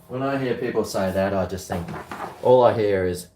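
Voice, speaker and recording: A man's voice: on the low side, normal speed, warm tone, distant mic. Rambling Australian man cooking in echoey kitchen. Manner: blunt, rambling, swears freely. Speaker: cooking vlogger. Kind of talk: casual talk to camera while cooking. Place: home kitchen.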